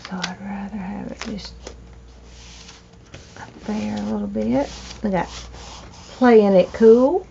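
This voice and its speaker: A woman hosting a crafting video, chatting slowly to herself while she trims and glues, with hiccups now and then. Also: medium pitch, flat delivery, gravelly. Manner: slow, chatty, talking to herself while working. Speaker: crafting channel host. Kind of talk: casual crafting narration. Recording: dull lo-fi home recording with faint noise.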